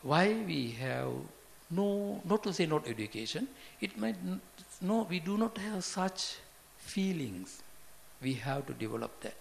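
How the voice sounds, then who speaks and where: A man giving an informal Buddhist talk, halting and repetitive, often asking his listeners questions. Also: fairly high pitch, big pitch swings, gravelly. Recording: long hall reverb, faint background noise.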